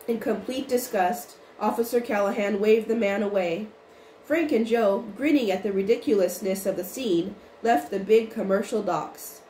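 A woman narrating a storybook chapter in an even, unhurried reading voice with small restarts. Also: mid-range voice. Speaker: audiobook reader. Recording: roomy with faint noise.

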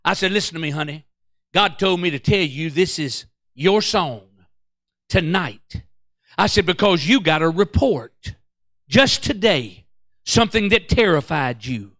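A male pastor, telling a story in an excitable, stammering sermon that breaks into song. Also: high-pitched, unhurried, no echo, clean studio sound.

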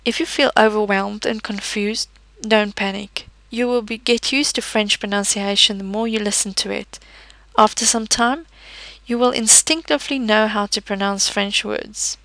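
Patient woman teaching French sounds, slight fry. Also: mid-range voice, steady tone, fairly bright tone, dry recording. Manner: patient, methodical, slows down to model words. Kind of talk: explanatory language lesson.

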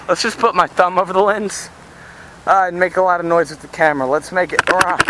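A man's voice: high-pitched, steady tone, moderate pace. A young man walking and vlogging outdoors beside a road, joking and rambling in a goofy way, filmed on a handheld camera's built-in mic. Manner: goofy, rambling, yelling at passing cars. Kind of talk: joking walk-and-talk vlog. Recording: outdoor camera audio with loud traffic. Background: passing traffic.

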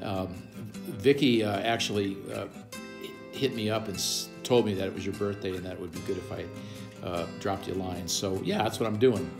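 A man in his sixties gives a casual, rambling birthday greeting with many ums and pauses. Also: low-pitched, gravelly, over music. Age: 60s. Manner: rambling, hesitant, with many fillers. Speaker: old neighbor sending a birthday message.

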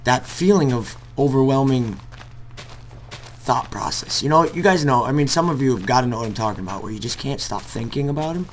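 Young male gamer at a desk mic, casual and rambling, halting confessional talk, middle-pitched. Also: lively intonation, slight background noise. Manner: rambling and hesitant, bursts into loud cursing. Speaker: gaming vlogger. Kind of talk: casual heartfelt talk over gameplay.

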